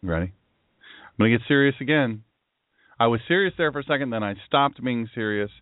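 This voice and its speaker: A man's voice: mid-range voice, moderate pace, no room sound. A man from the US East Coast, a pastor hosting his own talk show, joking sarcastically and slipping into mock-serious asides, his throat tired and sore. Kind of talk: solo talk-radio monologue. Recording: dry, phone-like narrow sound.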